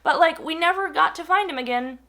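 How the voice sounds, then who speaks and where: A young adult woman telling a personal story in a casual, animated way, full of fillers and acted-out quotes. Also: extremely high pitch, a little fast.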